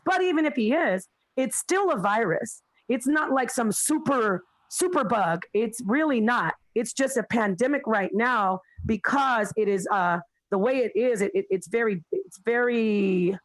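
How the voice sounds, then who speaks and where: A man's voice: very high-pitched, a bit bright, no echo, low-quality recording. A man in a heated online debate, rambling and searching for words as he makes his point.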